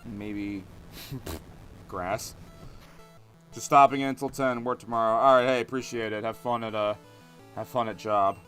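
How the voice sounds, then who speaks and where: A man streaming a video game, rambling in animated commentary and chatting with his viewers. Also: lowish voice, measured pace, pauses often, faint music behind. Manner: rambling, animated, talks to chat. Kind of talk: live gameplay commentary.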